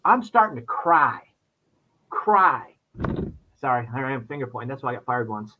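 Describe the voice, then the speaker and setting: Animated man telling a story, lo-fi sound. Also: normal speed. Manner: animated storyteller, voice jumps high when acting out his past self. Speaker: podcast guest. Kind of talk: storytelling in casual chat.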